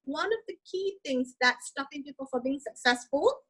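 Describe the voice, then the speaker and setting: A woman's voice: high-pitched, animated, normal speed, fairly bright tone, low-quality recording. A woman guest coach chatting enthusiastically in an interview, sprinkling in "like" and tag questions. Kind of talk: casual interview chat.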